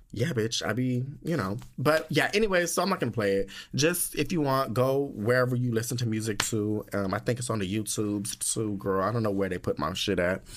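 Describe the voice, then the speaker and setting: Sassy chatty young man podcaster. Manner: sassy, chatty, dramatic, swings into high squeals when emotional. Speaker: podcast host. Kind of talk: casual solo podcast chat.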